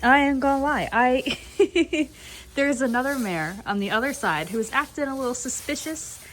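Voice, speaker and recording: A woman chatting casually on camera in a horse barn at night, rambling and laughing, cooing softly to the mares and foals. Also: sits high, normal speed, a little hiss or hum. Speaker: foaling attendant filming her barn. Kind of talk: casual vlog chat.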